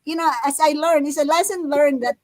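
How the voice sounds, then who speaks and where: A woman's voice: high voice, fairly even intonation, fairly quick, a little mellow, no room sound, poor audio. A woman on a video call telling a story in a casual chat, laughing and restarting her sentences. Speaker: accountability partner sharing in a group chat.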